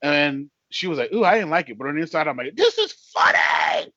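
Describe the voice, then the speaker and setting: A man's voice: on the high side, animated, fast talker, fairly bright tone, no echo, dull audio. A man co-hosting a casual chat, telling stories animatedly and acting out quotes in exaggerated voices. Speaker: co-host.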